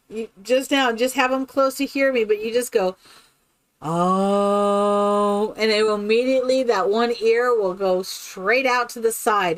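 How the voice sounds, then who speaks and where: Animated, chatty woman with a bright voice. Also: on the high side, no echo. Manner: animated storyteller, laughs often, keeps asking "right?". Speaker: streamer. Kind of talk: casual chat while playing a game.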